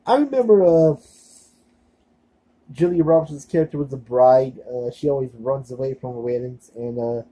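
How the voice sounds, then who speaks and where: A man's voice: medium pitch, normal speed, mellow, rough recording. A young man vlogging in a casual, rambling monologue, full of fillers and self-deprecating asides.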